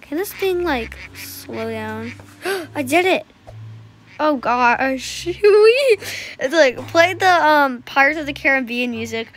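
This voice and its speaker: A woman giving playful, excitable commentary as she plays a game, gasping and squealing often. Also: high-pitched, slow. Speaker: gamer. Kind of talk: casual gameplay commentary.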